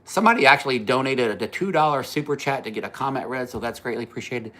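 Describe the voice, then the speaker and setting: A man's voice: medium pitch, expressive, fast, a bit bright. A man hosting a casual livestream, rambling through a story, laughing at his own jokes and answering viewer comments. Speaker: livestream host.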